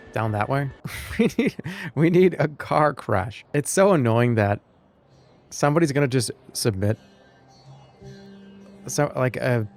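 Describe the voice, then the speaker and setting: A man streaming a video game, chatting loosely with his audience in a rambling, joking way. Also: medium pitch. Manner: rambling, jokey, talks to chat. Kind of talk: live gaming commentary.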